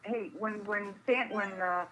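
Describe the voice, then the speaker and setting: A woman's voice: medium pitch, fairly even intonation, a little slow, bright, forceful tone, a little hiss or hum, rough recording. A woman chatting casually with a friend, teasing her and laughing often. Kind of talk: casual chat.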